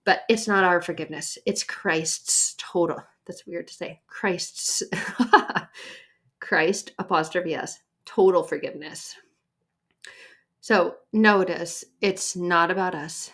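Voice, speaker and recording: A young woman hosting a faith podcast, chatty and animated, a little short of breath from her pregnancy. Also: fairly low pitch, measured pace. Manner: chatty, animated, acts out quoted voices. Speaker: podcast host.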